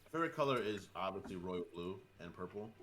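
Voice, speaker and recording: A man's voice: deep voice, animated, quick pace, a bit bright. A man chatting casually on a game stream, teasing and sarcastic. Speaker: co-player. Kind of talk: casual gaming-stream chat.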